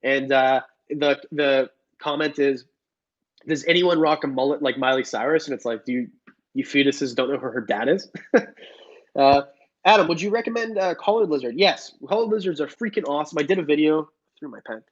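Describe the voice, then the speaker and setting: Reading live chat aloud and joking casually, a young reptile streamer speaks at a normal pace in a slightly high voice. The livestream's sound is dull and lo-fi.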